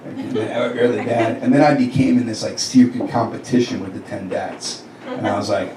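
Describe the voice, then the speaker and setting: A man's voice: fairly low pitch, fairly even intonation, a little fast, background noise. A man in his thirties doing a crude, conversational stand-up set, acting out quotes of himself and others. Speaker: stand-up comedian. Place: comedy club stage. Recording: roomy club, distant mic, crowd laughter. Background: audience laughing.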